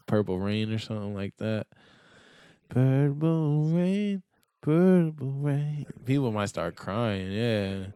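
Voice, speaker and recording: Laid-back young man, smooth low voice. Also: a little mellow, no echo, studio quality. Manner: laid-back, slangy, rambling with many fillers. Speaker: podcast guest. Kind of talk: casual podcast chat.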